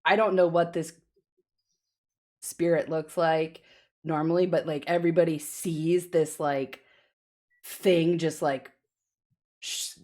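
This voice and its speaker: Low, slow woman narrating her move. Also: a little mellow. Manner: rambling, many filler likes, laughs between actions. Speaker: player. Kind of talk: narrating a tabletop game move.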